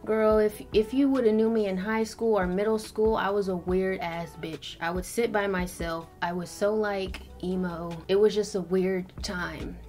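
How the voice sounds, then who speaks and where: A woman's voice: medium pitch, moderate pace, hardly any pauses, faint music behind. Blunt, profane young woman chatting. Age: 20s. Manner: blunt, profane, animated storytelling. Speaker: beauty vlogger. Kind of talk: casual chat while doing makeup.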